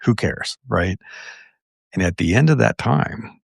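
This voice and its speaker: A middle-aged man talking in a relaxed podcast chat, reflective and fond of telling anecdotes. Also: on the low side, measured pace, creaky, husky, no echo, clean studio sound. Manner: reflective, tells anecdotes and quotes others. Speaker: podcast guest. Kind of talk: casual conversation.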